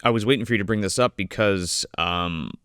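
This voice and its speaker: A man's voice: fairly low pitch, brisk, fairly bright tone, smooth, dry recording, studio quality. Podcast guy, swears a lot, easygoing, voice right on the mic, no room sound. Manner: profane, laid-back, laughs while talking. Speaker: podcast co-host. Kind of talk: casual chat.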